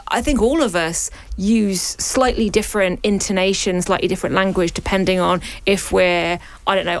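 A woman from North London giving her view on a radio panel, thoughtful and quick. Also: lowish voice, gravelly, dry recording, poor audio. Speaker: panel guest.

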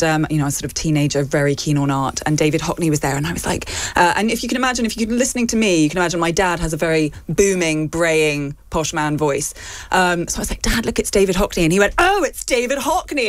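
A woman's voice: low voice, fast talker, no room sound. A woman co-hosting a casual radio chat, telling stories with self-deprecating humor.

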